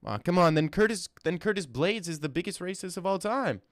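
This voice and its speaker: This young male streamer reacts to fight news and banters with his chat, joking and stammering in a high, lively voice at a brisk pace. The recording is close and dry.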